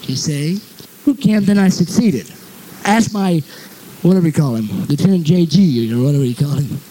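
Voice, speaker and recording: A man's voice: a little high, animated, moderate pace, warm tone, a little hiss or hum, poor audio. A middle-aged man preaching a sermon in a folksy, storytelling way, laughing often as he talks.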